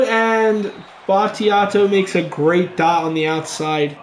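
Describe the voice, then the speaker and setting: A young man giving let's play commentary over a football video game, muttering low between plays and yelling when big plays happen. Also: slow, reverberant, a little hiss or hum. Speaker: gaming YouTuber.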